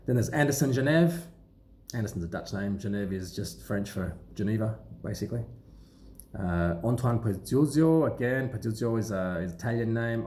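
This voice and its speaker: A man's voice: fairly low pitch, slight background noise. Laid-back man explaining in an echoey room. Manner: relaxed, rambling, lots of ums and restarts. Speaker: watch dealer and trained watchmaker. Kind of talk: casual explanatory talk to camera. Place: sunlit indoor room.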